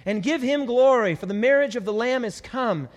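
A man preaching a sermon as a pastor, enthusiastic, breaking into shouted hallelujahs. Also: very high voice, moderate pace. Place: church hall. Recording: long hall reverb.

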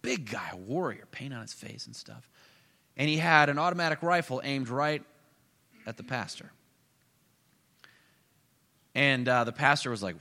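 A male preacher telling a story with animated swings between loud bursts and hushed asides. His voice is bright and forceful at a middle pitch. It carries with a long reverb through a church hall. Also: normal speed, vocal fry, pauses often. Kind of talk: storytelling sermon. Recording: echoey hall.

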